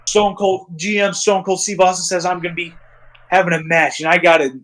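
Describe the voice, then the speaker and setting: A man's voice: high-pitched, little pitch movement, a little fast, a bit bright. A man voicing a smug male pro wrestler with mocking, whiny bickering.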